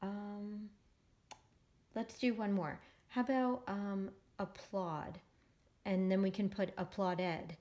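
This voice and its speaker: A woman teaching a phonics lesson to young children, sounding out each syllable slowly and patiently. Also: mid-range voice, fairly even intonation, warm tone.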